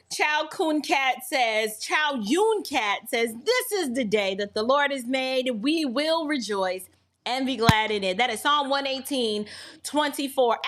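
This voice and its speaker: A woman's voice: high-pitched, fairly bright tone. A middle-aged woman hosting a livestream, chatting in a flustered way straight to her viewers. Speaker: livestream host. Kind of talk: casual livestream chat.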